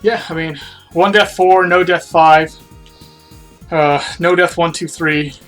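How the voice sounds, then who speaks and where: Rambling man streaming a game, slightly high voice. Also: fairly even intonation, slow, a bit bright, soft background music. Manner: rambling, self-critical, trailing off. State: out of breath. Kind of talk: casual live-stream commentary.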